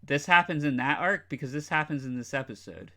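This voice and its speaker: A man co-hosting a podcast, breaking in with short questions and quick acknowledgements in casual chat. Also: on the high side, bright, forceful tone. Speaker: podcast co-host.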